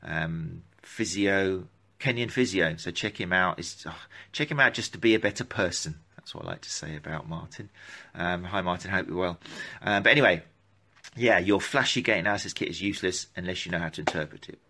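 Low, bright-voiced man rambling. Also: brisk. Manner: rambling and self-interrupting, chatty asides. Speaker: running gait analysis clinician. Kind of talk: live-stream talk answering viewer questions.

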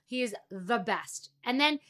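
A woman's voice: on the high side, expressive, measured pace, fairly bright tone. A middle-aged woman hosting a podcast, talking in a blunt, profane, emphatic monologue. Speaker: podcast host. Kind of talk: casual monologue.

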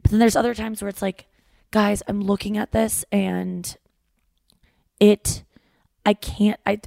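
A woman's voice: medium pitch, a little slow, vocal fry, no echo. A woman in her thirties hosting a casual podcast chat, telling stories with lots of fillers and acted-out quotes. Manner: animated storytelling with lots of fillers and voiced quotes. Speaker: podcast host.

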